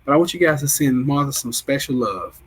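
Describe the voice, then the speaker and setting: A man's voice: medium pitch, animated, brisk, slightly rough, rough recording. A man in his forties hosting a casual live stream, chatty and emotional as he greets viewers and answers their comments. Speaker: livestream host.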